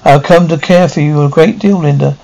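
A man reading the part of a gentle, earnest middle-aged lawyer who courts a woman. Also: fairly high pitch, steady tone, a little fast, vocal fry, rough recording.

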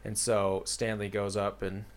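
Recorded with a clean tone, a young man speaks unhurriedly in a low-leaning monotone while casually retelling a book's story. His telling rambles and is full of "like"s and "uh"s.

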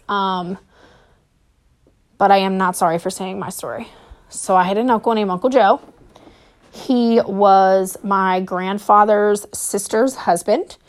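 A woman hosting a podcast, telling a personal story in a hesitant monologue with many pauses and fillers while sounding nervous and short of breath. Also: medium pitch. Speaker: podcast host.

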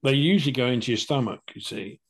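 Older guy, chatty, plain-spoken, tells it straight, mid pitch. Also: quick pace, vocal fry, husky. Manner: chatty, plain-spoken, acts out both sides of conversations. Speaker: podcast co-host telling his cancer story. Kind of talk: casual storytelling chat.

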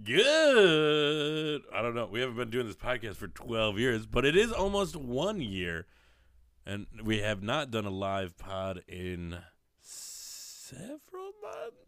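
A young man co-hosting a podcast, relaxed and teasing in his banter. His voice is bright and lively, and it is recorded dry on a podcast mic in a small room. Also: mid-range voice, unhurried, clear, resonant tone, no room sound. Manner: laid-back, teasing. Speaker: podcast co-host.

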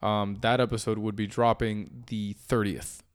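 A man's voice: on the low side, little pitch movement, unhurried, clear, resonant tone, no echo, clean studio sound. Tired man rambling on a podcast. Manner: loose, rambling, swears casually. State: tired after a long day. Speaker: podcast co-host. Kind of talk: casual chat.

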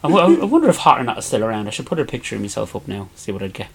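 An Irish man co-hosting a podcast, telling self-deprecating stories with frequent laughs and halting restarts. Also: lowish voice, very animated, vocal fry, a crowd in the background. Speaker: podcast co-host. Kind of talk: casual storytelling chat.

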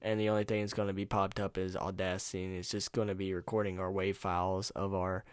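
A man from North Carolina hosting his own podcast, talking in a loose, rambling way and cursing freely. His voice sits low, and the USB mic at home gives it a close, dry sound with no room echo. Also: flat delivery, quick pace, clear, resonant tone. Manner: rambling, profane, laid-back. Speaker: podcast host. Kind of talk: casual solo podcast monologue. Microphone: USB microphone.

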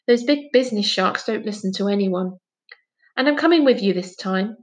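A woman's voice: mid-range voice, normal speed, natural voice. A fussy, protective mother from a storybook, as a woman reader puts her on. She sounds doubtful and a little bossy, close to the reader's own voice.

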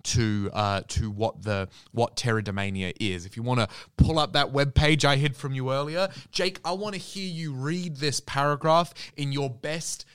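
Man, casual podcast co-host, eager and rambling, smooth voice, dry studio sound. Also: mid-range voice, moderate pace, few pauses, fairly bright tone, no room sound. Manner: enthusiastic, rambling with many restarts. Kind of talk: casual chat.

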